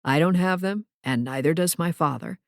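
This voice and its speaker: A woman reading an audiobook, voicing a calm, steady father who speaks evenly and reassuringly. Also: low voice, normal speed, creaky, dry recording, clean studio sound. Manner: even and reassuring.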